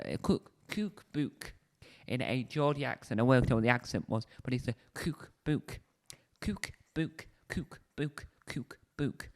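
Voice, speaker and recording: Man, casual solo review, rambling, self-correcting, desk mic, medium pitch. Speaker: show reviewer, video host. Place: indoors, seated on a squeaky spinny chair. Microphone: desk mic close to the face.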